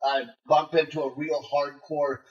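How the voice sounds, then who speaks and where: Speaking a little slowly in a fairly high voice, this interview guest swears a lot and tells brash, animated stories, imitating the voices of people he encountered. The remote call audio is muffled, with a roomy, distant quality.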